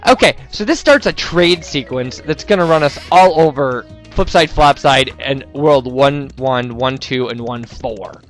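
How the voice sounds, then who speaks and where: A man's voice: mid-range voice, unhurried, hardly any pauses, faint music behind. A young man giving casual, rambling gameplay commentary, full of "um"s and joking asides. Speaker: let's player.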